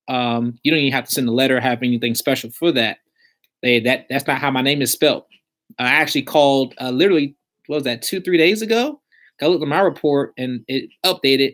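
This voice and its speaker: A man's voice: medium pitch, a bit bright. A man giving blunt, slangy advice in a casual vlog about credit repair.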